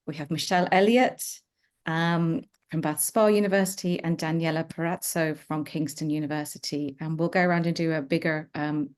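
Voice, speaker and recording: A middle-aged woman leading an online meeting from her office, speaking hesitantly with many pauses. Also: sits low, fairly even intonation, a little mellow. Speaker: project lead and host. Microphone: video call.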